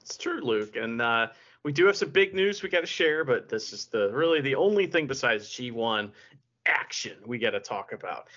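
A man co-hosting a podcast in casual chat, hyping things up in a deadpan, mock-serious way. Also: mid-range voice, normal speed. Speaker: podcast co-host. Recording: dull lo-fi audio.

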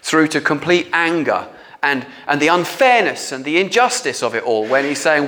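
Male preacher, slightly high voice, relaxed informal sermon delivery. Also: moderate pace. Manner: chatty, informal, with filler words. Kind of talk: conversational sermon.

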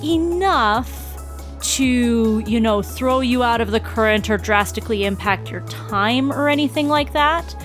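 A woman acting as game master, explaining the results of rolls in a deliberate, amused manner. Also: on the high side, soft background music. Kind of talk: running a tabletop game.

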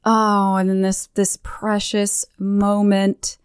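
A woman co-hosting a podcast talks through a game's story in a lively, casual way, slipping into the characters' voices as she tells it. Her voice is smooth and clear, and it sits close and dry on the microphone. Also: mid-range voice, slow, no echo. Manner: animated, acts out characters' lines with swearing and laughter. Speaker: podcast co-host. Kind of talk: casual chat recapping a game questline.

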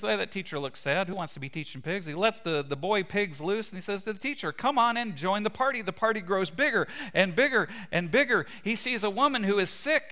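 Bright, animated male preacher. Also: high-pitched. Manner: animated storyteller, voices quoted characters. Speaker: pastor. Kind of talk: sermon retelling a story.

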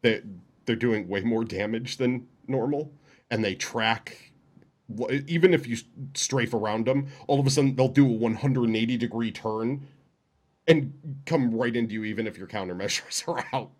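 A man's voice: medium pitch, moderate pace. A man who runs tabletop games, chatting casually and griping about a game with laughs. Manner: animated, laughing complaints. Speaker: game master. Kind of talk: casual chat.

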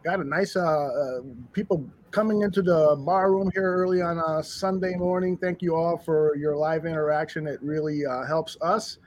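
A man co-hosting a casual sports talk show, telling stories in an animated way with many restarts. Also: on the high side, moderate pace, hardly any pauses. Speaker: podcast co-host. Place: studio bar room.

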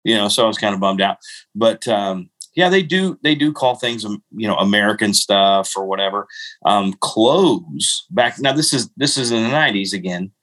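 A man's voice: on the low side, normal speed, a bit bright, low-quality recording. Self-mocking man telling road stories. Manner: rambling, self-mocking, laughs at himself. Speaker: podcast host. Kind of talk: casual storytelling chat.

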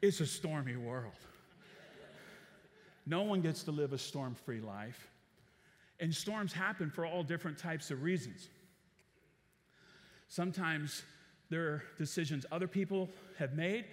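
A man's voice: very high voice, expressive, moderate pace, bright, forceful tone, big-room sound. A man preaching a sermon, telling a story with energy and calling on the congregation to respond. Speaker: pastor.

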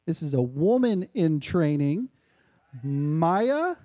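A man's voice: a little high, big pitch swings, slow pace, warm tone. A man hosting a church gathering, introducing speakers with playful jokes. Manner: playful and joking. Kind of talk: casual church emcee.

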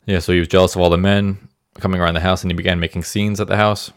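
A man's voice: deep voice, little pitch movement, racing, clear, resonant tone, dry recording, clean studio sound. A man co-hosting a podcast, casually recounting a true-crime story and often stumbling over his words with self-deprecating asides. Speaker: podcast co-host. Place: Indiana.

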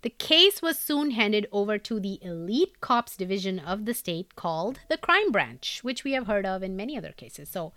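A woman's voice: mid-range voice, very animated, normal speed, hardly any pauses, fairly bright tone, no room sound. A woman from India with an Indian English accent, hosting a podcast and telling a true crime story in a conversational way, with asides. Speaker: podcast host.

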